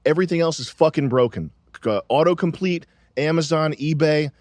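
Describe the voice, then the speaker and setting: A man hosting a casual podcast, ranting with lots of swearing, then settling into quieter musing. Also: fairly high pitch, brisk, no echo. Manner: profane, emphatic, trailing into quiet musing. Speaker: show host.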